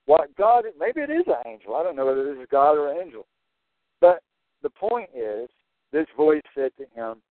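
In a sing-song, fairly high voice at a moderate pace, a man walks through a Bible passage verse by verse, driving his key points home by stressing and repeating them. It's a dry, tinny, phone-style recording.

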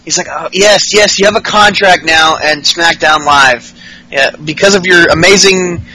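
A man with a high, piercing, very bright voice, talking loosely and crudely on a podcast. He mocks people and acts out their lines, jumping up in pitch when he imitates them. A faint hum of background noise sits under his speech. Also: poor audio. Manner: profane, mocking, acts out wrestlers' lines in raised voices. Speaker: podcast host. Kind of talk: casual wrestling recap chat.

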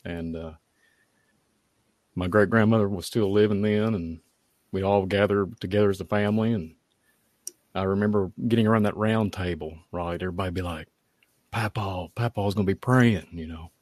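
A man, giving a halting, heartfelt personal testimony at a prayer meeting. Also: low voice, fairly even intonation, darkish tone, dry recording. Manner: halting, heartfelt, many fillers. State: tearful at times.

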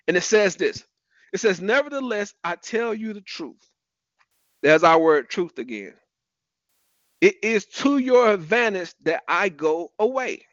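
A man preaching a lively sermon as pastor, reading scripture and calling out people in the room by name. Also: high-pitched, no echo, highs cut off.

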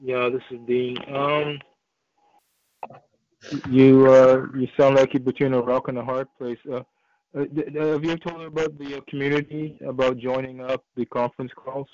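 A man calling in to a support conference call, speaking hesitantly with many pauses and fillers. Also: medium pitch, level tone, darkish tone, no echo, muffled recording. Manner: hesitant, lots of uh and um. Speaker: caller.

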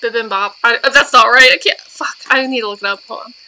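Bright-voiced chatty woman podcaster. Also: high voice, fast. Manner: chatty, laughs often, jumps between topics. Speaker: podcast co-host. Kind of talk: casual chat.

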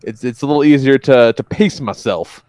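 A man's voice: mid-range voice, normal speed, a little mellow, dry recording. A man hosting a podcast, chatting casually in a rambling way and swearing freely. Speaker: podcast host. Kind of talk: casual chat.

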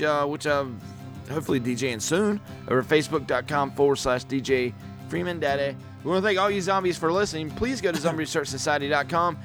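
A man hosting a podcast, upbeat and jokey as he signs off the show. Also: a little high. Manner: upbeat, jokey, quick to laugh. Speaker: podcast host. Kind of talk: casual podcast chat and sign-off.

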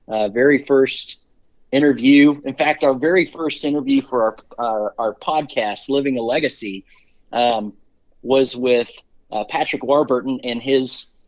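A middle-aged man, a company CEO, telling stories as an interview guest in an upbeat, rambling way with many fillers and restarts. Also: medium pitch. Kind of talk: casual interview storytelling. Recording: dull lo-fi sound.

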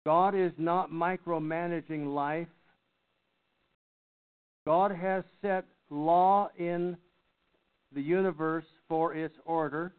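An older man teaches a Bible study class in a halting way, pausing and clearing his throat often. His voice sits fairly high. The sound is thin and tinny, like a phone line. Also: steady tone.

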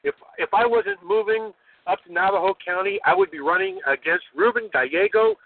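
An older American man, a guest on a call-in talk show, ranting forcefully and ending points with "okay?". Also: high voice, animated, fairly quick, no echo. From United States. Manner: forceful, preachy, keeps adding "okay?". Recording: tinny phone line.

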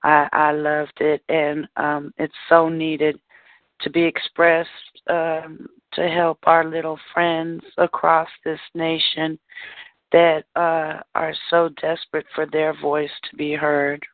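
Slow, even-voiced radio host on a phone line. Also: medium pitch, dry recording. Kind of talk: casual radio chat.

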